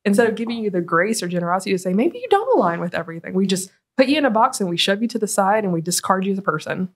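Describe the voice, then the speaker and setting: Fast-talking woman podcast guest. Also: medium pitch, husky. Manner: rapid and animated, full of "like" fillers. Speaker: interview guest, nonprofit executive director. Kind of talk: conversational interview.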